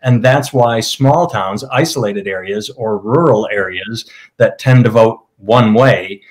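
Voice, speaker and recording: A man's voice: on the low side, measured pace. A man in casual podcast conversation, telling stories in a joking, profane, offhand way.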